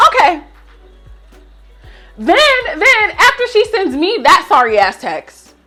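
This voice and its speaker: A woman's voice: very high voice, sing-song, slow pace, sharp tone, soft background music. A young woman in her twenties telling a storytime rant to her viewers, swearing and fired up as she vents. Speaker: vlogger.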